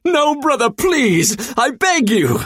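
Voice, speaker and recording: A man voicing a desperate demonic male entity who pleads in high, strained cries. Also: big pitch swings, slow, a bit bright, breathy edge, dry recording, studio quality, full character voice. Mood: pleading.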